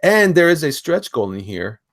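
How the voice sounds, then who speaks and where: A man hosting a casual online chat about indie comics, excitable and rambling, laughing often. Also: fairly high pitch, moderate pace, no room sound, studio quality. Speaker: host.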